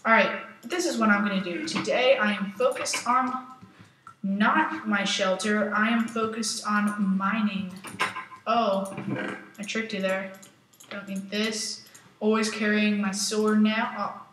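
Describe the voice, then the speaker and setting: A woman's voice: mid-range voice, steady tone, slow, a little hiss or hum. A woman chatting casually to herself and her viewers while playing a block-building game. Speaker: Minecraft let's-play host. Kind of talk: casual gameplay commentary. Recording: roomy, distant mic. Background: loud game music.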